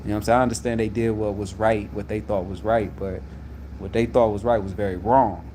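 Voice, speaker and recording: A man telling a story about a workplace conflict, getting loud when he acts out what was said. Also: on the low side, brisk, a little hiss or hum. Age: adult. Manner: animated, loud when reenacting quotes. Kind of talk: casual storytelling to viewers.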